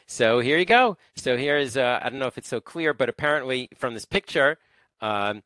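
Man, online lecturer; bright, dry sound; halting, filler-heavy delivery. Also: medium pitch, lively intonation, no room sound. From lives in Israel. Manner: halting, with many fillers and restarts. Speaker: teacher of an online class.

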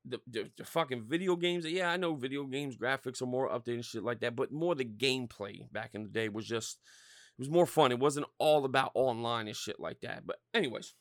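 On a clean studio recording with no room sound, a thirty-something podcast host rants briskly in a medium-pitched voice. He's profane and animated, and fillers pepper nearly every line.

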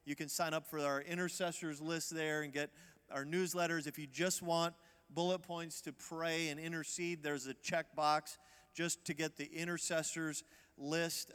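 A man preaching as a visiting evangelist in a church, lively and calling for the crowd's responses. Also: fairly high pitch, smooth, big-room sound. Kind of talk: sermon.

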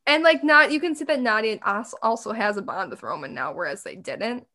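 High-voiced, blunt woman podcaster. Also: expressive, a little fast, bright, forceful tone. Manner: blunt, profane, sarcastic retelling. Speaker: podcast co-host. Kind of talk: casual TV recap chat.

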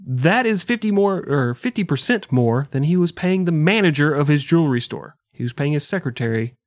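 A man's voice: a little high, animated, a little fast, dry recording. Laughing man on a dry, close mic. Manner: jokey, laughs often, breaks into mock singing. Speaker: podcast co-host. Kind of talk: casual comedic history podcast.

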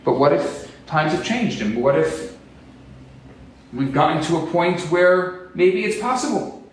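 A man preaching a sermon as a rabbi, animated and acting out quotes in different voices. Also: a little high, a little slow. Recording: echoey room, distant mic.

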